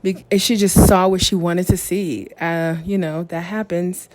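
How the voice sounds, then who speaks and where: A woman hosts a casual podcast recap and walks through each scene in detail with blunt, opinionated commentary. Her voice sits on the lower side and sounds mellow and warm. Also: steady tone, a little slow. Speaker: podcast host.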